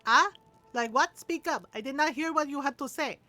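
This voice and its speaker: A woman imitating her blunt, cursing mother, scolding loudly in exasperation. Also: sits high, normal speed, soft background music, voice pushed up.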